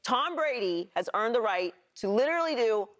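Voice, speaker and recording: A woman's voice: a little high, animated. A woman making emphatic points as a panelist on a televised sports debate show. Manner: emphatic, repetitive, rapid. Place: TV studio.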